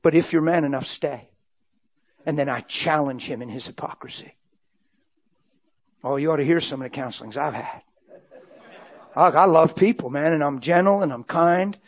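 A middle-aged man preaching a sermon, telling a story with acted-out dialogue, switching from loud to hushed. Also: fairly high pitch, moderate pace, long pauses. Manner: animated, acts out dialogue, swings from loud to hushed.

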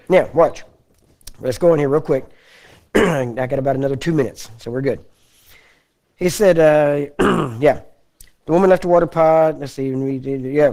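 A man from Texas preaching a teaching sermon. He talks in a folksy way, keeps checking in with "Amen?" and "You understand?", clears his throat often and slows down to read scripture. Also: on the high side, mellow. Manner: slows down when reading scripture.

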